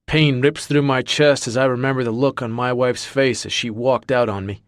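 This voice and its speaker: A man's voice: medium pitch, steady tone, normal speed, hardly any pauses, no room sound. Intense male audiobook narrator, dry sound. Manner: intense, dramatic. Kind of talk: first-person audiobook narration.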